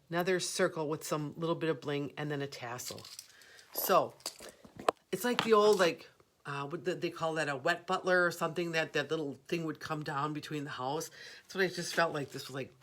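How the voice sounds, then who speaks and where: A woman's voice: low voice, moderate pace, fairly bright tone. A middle-aged woman hosting a live jewelry sale, chatting, rambling and laughing easily as she shows each piece. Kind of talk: live shopping stream chat.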